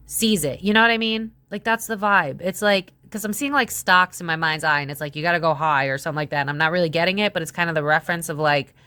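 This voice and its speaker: Brief: woman tarot reader, lowish voice, blunt and chatty, dry close sound. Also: quick pace, few pauses, bright, forceful tone, smooth, dry recording. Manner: chatty, exclaiming, blunt, swears. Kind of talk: casual tarot reading to camera.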